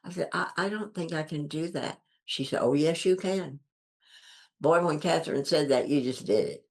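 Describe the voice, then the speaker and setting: Older woman with a low voice, earnest storyteller. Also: a little fast. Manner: earnest, acts out quoted dialogue with lifted voice; emphatic, repeats phrases for effect. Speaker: guest. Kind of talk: personal storytelling in an interview.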